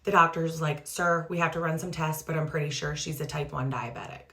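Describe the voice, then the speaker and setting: Low-voiced mother telling a story. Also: fairly even intonation, a little fast, bright, forceful tone. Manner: emotional retelling, fillers like "like" and "um"; trying a skincare product while talking. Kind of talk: casual storytelling vlog.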